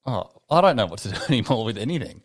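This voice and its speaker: A man's voice: mid-range voice, big pitch swings, quick pace, husky. A man co-hosting a podcast in casual chat, telling stories animatedly and swearing freely. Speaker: podcast co-host.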